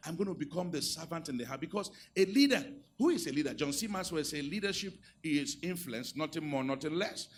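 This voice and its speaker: A middle-aged Nigerian man preaching a sermon, moving from quiet asides to loud, rousing exhortation. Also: on the high side, slight background noise. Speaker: pastor. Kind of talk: sermon on marriage and leadership.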